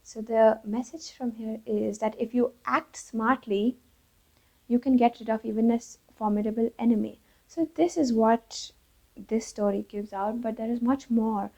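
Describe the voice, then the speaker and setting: A woman telling a fable as a storyteller, lively, and she changes her voice for each character. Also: a little high, a little slow, poor audio. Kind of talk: storytelling for children.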